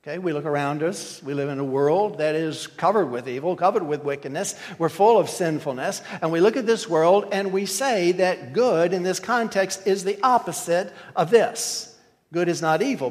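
A man with a high voice delivers an emphatic sermon and keeps putting rhetorical questions to his listeners. His voice rings out with a long reverb, as if recorded in a large hall. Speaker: preacher.

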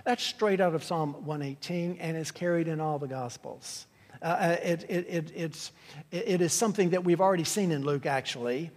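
A man's voice: a little high, normal speed, big-room sound. A man preaching an expository sermon, teaching earnestly and often restarting his sentences. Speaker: pastor.

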